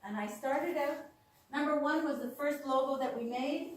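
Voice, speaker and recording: Here a woman with a high-pitched voice and moderate pace recounts personal experiences for a small audience. Animated throughout, she acts out the words of the people in her stories. Her voice sounds far away, carried by an echoey room.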